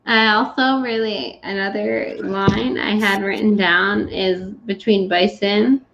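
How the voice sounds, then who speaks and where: A woman's voice: medium pitch, fairly even intonation, takes it slowly, vocal fry, fairly bright tone, dull audio. A woman hosting a tipsy movie review, rambling and giggling and swearing as she talks. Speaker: show host.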